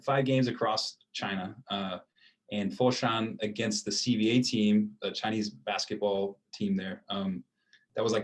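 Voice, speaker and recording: A low-pitched American man in his thirties tells a story in a loose, easygoing way. He wanders through his sentences with plenty of fillers, like a guest chatting with a host. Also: rough recording. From United States. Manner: relaxed, rambling with many fillers. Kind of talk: casual storytelling interview.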